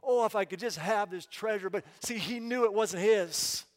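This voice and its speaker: High-voiced guy preaching, acts out a story with all the voices, big hall echo. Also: moderate pace. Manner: animated, acts out the story with quoted dialogue. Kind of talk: dramatic first-person sermon storytelling. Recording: long hall reverb.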